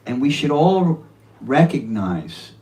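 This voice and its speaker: A man's voice: medium pitch, sing-song, slow, far from the mic, poor audio. Older man giving a devotional talk. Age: 70s. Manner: earnest, with warm laughter and quoted asides. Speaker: speaker at a devotional home program.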